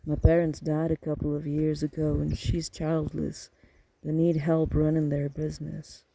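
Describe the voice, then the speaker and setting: Narrator guy doing a polite nervous young man, flat gravelly voice. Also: fairly high pitch, moderate pace, low-quality recording. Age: young adult. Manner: polite, careful.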